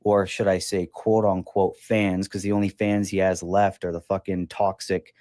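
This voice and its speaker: A man's voice: sits low, normal speed. Profane young man ranting on a podcast. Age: 20s. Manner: animated, profane, sarcastic ranting. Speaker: podcast host. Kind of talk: casual ranting commentary.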